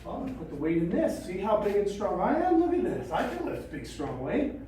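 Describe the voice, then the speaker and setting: A woman's voice: mid-range voice, sing-song, brisk, warm tone, slight background noise, close to an everyday voice. A woman voicing a young eagle who believes it is a chicken, unsure and boastful. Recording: echoey room from a distance.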